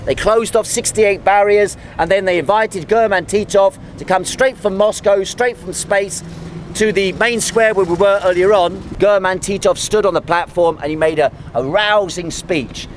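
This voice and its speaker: A man's voice: sits high, moderate pace, slight background noise. A man guiding a tour outdoors, giving an anecdotal history lecture sprinkled with jokes. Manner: lively, anecdotal, jokey.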